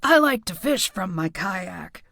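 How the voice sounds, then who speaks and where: A woman's voice: medium pitch, very animated, a little slow, gravelly, a bit bright, no room sound, studio quality, voice pushed down, heavily acted. A woman voicing a genial older male small-town police chief who asks folksy, probing questions. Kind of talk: audiobook character voice.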